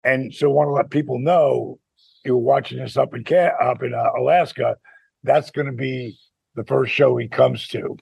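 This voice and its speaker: A man in his sixties co-hosting a podcast in casual chat, animated and quick to laugh. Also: mid-range voice, vocal fry, husky, no room sound. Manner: animated storyteller, laughs often. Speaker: podcast co-host.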